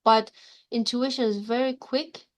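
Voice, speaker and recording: A woman's voice: a little high, steady tone, measured pace. Chatty woman podcast host. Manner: friendly, chatty, with fillers. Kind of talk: casual interview chat.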